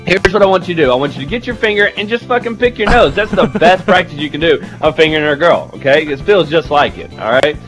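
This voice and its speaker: High-pitched young guy telling a dirty story, brash and sweary, bit of music under it. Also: animated, fast, hardly any pauses, fairly bright tone. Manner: brash, profane, keeps asking "you know what I'm saying". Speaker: storyteller in a comedy skit. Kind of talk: crude comedic storytelling.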